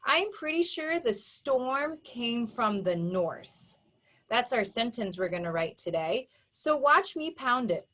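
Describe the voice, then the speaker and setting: A woman teaching a phonics lesson to young children, sounding words out slowly and emphatically and praising their work. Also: fairly high pitch, sing-song, sharp tone. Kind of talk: slow, exaggerated phonics dictation for young children.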